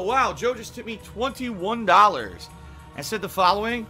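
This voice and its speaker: High-voiced man yelling over game music. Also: lively intonation. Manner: profane, quick to yell at scares and thank donors. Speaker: live streamer. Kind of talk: live gameplay commentary.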